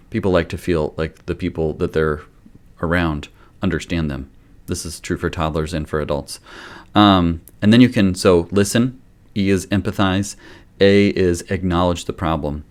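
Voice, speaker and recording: A man hosting a live-streamed parenting Q&A, explaining discipline in a calm, gentle way. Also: low-pitched, moderate pace. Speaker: pediatrician and parenting host. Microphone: webcam or phone, live stream.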